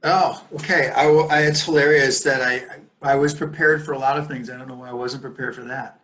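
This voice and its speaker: A man's voice: fairly even intonation, a little fast, a bit bright. A man in his fifties, a guest in casual conversation, speaking candidly and reflectively. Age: 50s. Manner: candid, reflective, mid-pitched.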